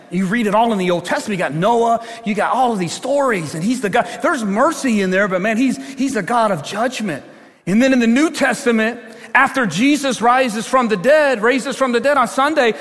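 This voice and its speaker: Older male pastor preaching in a reverberant hall. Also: high-pitched. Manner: animated storytelling, swings from loud to hushed. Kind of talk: sermon. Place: large church. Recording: long church hall reverb.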